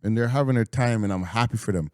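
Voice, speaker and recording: A man co-hosting a podcast, making emphatic, drawn-out points in casual sports banter. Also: on the low side, a little mellow, no room sound, clean studio sound. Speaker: podcast co-host.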